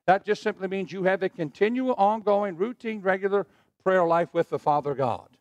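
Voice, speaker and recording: A man's voice: sits high, normal speed, dry recording, muffled recording. A middle-aged male pastor preaching a sermon, leading the congregation in call-and-response. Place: church sanctuary.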